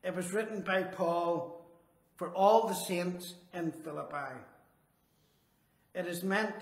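A man preaching a sermon, earnest and emphatic, slowing down on his key phrases. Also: on the high side, creaky. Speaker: Salvation Army officer preaching. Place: church hall. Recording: echoey church hall.

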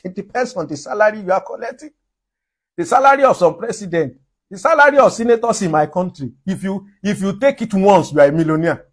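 A man from Nigeria delivers a sermon in a fairly high, husky voice. He preaches with strong emphasis and laughs often between his points.

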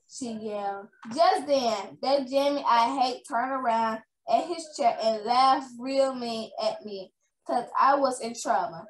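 Woman reader, high pitch, unhurried halting read-aloud, echoey room with faint noise. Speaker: reader at a reading fair. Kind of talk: reading a children's chapter book aloud.

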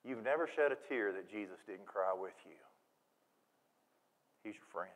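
A man preaching a sermon in a church, folksy and animated, acting out quoted voices. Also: on the low side, normal speed. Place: church sanctuary. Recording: long reverb of a church hall.

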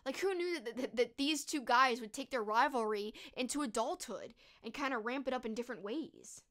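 A woman's voice: a little high, brisk, a bit bright. A young woman streamer chatting casually and reading out viewer comments, gushing and full of fillers.

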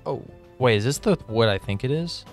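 A man giving excitable, chatty gameplay commentary and talking straight to his viewers. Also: mid-range voice, brisk, soft background music. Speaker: gaming video host.

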